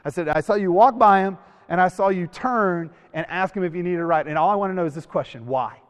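A man giving an animated sermon to young people, telling stories and acting out the voices of the people in them. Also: sits high, quick pace, smooth, long reverb tail. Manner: animated storytelling, acts out quoted voices. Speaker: youth speaker. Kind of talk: sermon to a youth camp.

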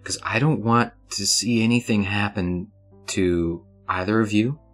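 A man's voice: fairly low pitch, a little slow, a bit bright, faint music behind. A man voicing a serious woman gang leader who gives orders in a businesslike way, with hesitant restarts.

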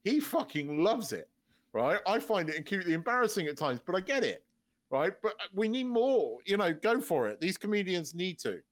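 Lively, sweary man on a podcast. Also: sits high, normal speed. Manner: animated, sweary, laughs often. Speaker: podcast co-host. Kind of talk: casual chat.

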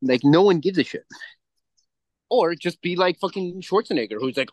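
A man's voice: high-pitched, lively intonation, moderate pace, long pauses, dry recording. A man co-hosting a podcast in casual chat, rambling and swearing freely as he acts out little quotes. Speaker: podcast co-host.

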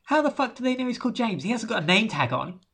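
A woman's voice: on the high side, sing-song, quick pace, crowd noise. A woman co-hosting a casual podcast, recapping a film in a rambling way with dry asides. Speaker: podcast co-host.

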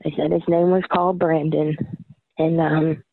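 A young adult woman gives personal testimony as an interviewee, halting and full of fillers and restarts. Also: deep voice, flat delivery, gravelly, no room sound. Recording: tinny phone-like line.

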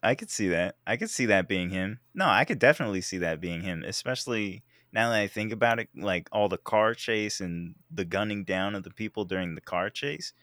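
A man's voice: fairly low pitch, brisk, hardly any pauses, a bit bright, no room sound, clean studio sound. A man chatting casually about a show, joking and grumbling playfully. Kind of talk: casual chat.

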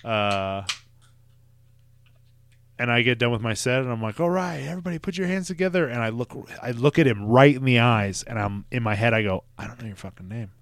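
Profane young comedian, dry close mic. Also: male voice, medium pitch, moderate pace, smooth, dry recording. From Nebraska. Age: young adult. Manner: profane, animated storytelling. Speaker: stand-up comedian guest. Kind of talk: casual podcast chat. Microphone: close podcast mic.

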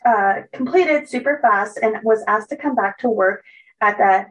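A woman's voice: medium pitch, unhurried, distant mic, low-quality recording. A young woman co-hosting a podcast, telling a story from her notes in a chatty way, full of likes and ums. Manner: chatty, many "like" and "um" fillers, giggly. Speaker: podcast co-host telling a case.

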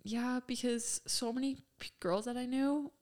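A woman's voice: fairly high pitch, steady tone, normal speed, darkish tone. A young woman co-hosting a podcast, telling stories in a chatty, giggly way with lots of "like"s. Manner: chatty storyteller, giggly, many "like"s. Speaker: podcast co-host. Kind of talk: casual chat.

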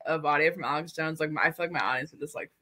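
A young woman chats casually as a guest on a stream, peppering her talk with "like". Her voice is bright and forceful. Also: low voice, racing. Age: young adult. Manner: casual, filler-heavy, uses "like" a lot. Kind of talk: casual chat.

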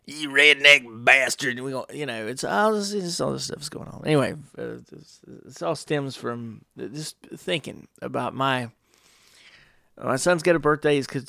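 A middle-aged man talks through a rambling, wry podcast monologue and slips into mock voices. His voice is gravelly at a middle pitch. The recording is dry and close. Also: no echo. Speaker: podcast host. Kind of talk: casual monologue.

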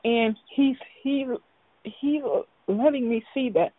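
A woman calling in to share her testimony, speaking in an emotional, halting, earnest way. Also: sits high, no echo. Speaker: caller. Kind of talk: testimony and prayer on a call. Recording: tinny phone line.

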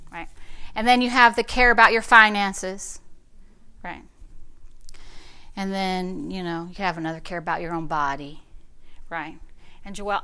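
A woman pastor preaching a lively sermon, repeating declarations aloud and directing a live demonstration in a church. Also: medium pitch. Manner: animated, calls out and repeats declarations.

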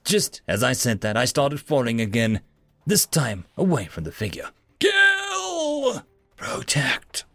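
A man narrating a story in the first person in an expressive, dramatic way. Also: mid-range voice, normal speed, creaky, no echo, faint music behind. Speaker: audiobook narrator.

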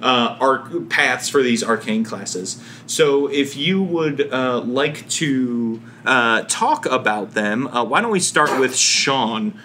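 Man, New Jersey accent, podcast host, bright tone, faint background noise. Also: mid-range voice, slow pace, few pauses. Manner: relaxed, filler-heavy, chuckling. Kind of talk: casual podcast discussion.

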